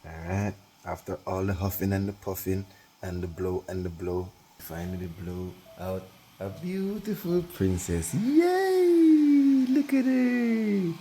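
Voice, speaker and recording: A woman's voice: very deep voice, lively intonation, slow, warm tone, slight background noise, low-quality recording. A woman chatting casually while filming, cheerful and coaxing.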